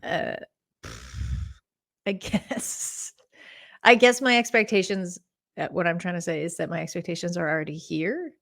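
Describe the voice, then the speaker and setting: A woman's voice: fairly low pitch, a little slow, vocal fry, long pauses, a bit bright. A woman guesting on a casual sports podcast, chatty and self-deprecating.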